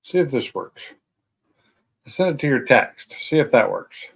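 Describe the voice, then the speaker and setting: A man's voice: mid-range voice, very animated, measured pace, gravelly, breathy edge. Male stream host, casual home chat, easygoing and self-deprecating, mid-range voice. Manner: rambling, chatty, self-deprecating. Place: at home at night.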